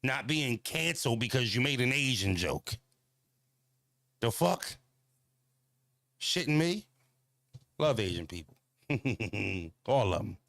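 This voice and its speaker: A man chats casually while out on a walk, blunt and full of profanity, stumbling through fillers and repeating himself as he answers his viewers. His voice sits in an ordinary middle pitch. The sound is dry, with almost no room around it. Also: big pitch swings, slow pace, vocal fry, long pauses, a bit bright, dry recording. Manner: talks back to viewer comments. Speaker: channel host. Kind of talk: casual walking livestream chat.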